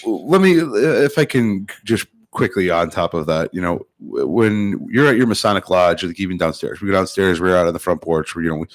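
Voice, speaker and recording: Low-voiced man hosting a chat. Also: lively intonation, moderate pace, hardly any pauses, no room sound. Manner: interjecting, steering the talk. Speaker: podcast host. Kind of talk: casual chat.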